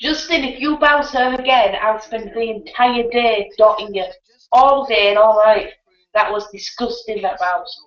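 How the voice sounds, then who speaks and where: A woman's voice: fairly high pitch, measured pace. A woman in a voice chat, sounding indignant and teasing. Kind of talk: casual voice chat. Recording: distant echoey lo-fi voice chat.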